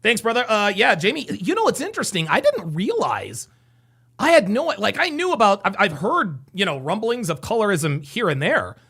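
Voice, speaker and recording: Animated high-voiced male stream host. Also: vocal fry, breathy edge. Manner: animated, agreeable, quick reactions. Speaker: livestream host. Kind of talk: casual call-in chat.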